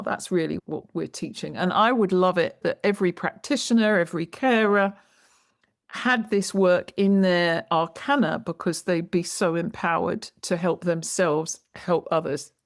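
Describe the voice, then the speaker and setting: A woman's voice: on the low side, normal speed, no echo, studio quality. A woman guest in an interview, explaining her work in an emphatic, lecturing way and stressing key words. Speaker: guest, movement educator. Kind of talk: interview conversation.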